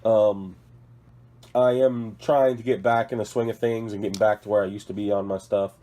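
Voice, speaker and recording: The voice is on the low side and mellow, fairly even in intonation at normal speed. Sick and coughing, this hobby channel host shows off models from his work table in a casual vlog, rambling, apologetic, and often correcting himself.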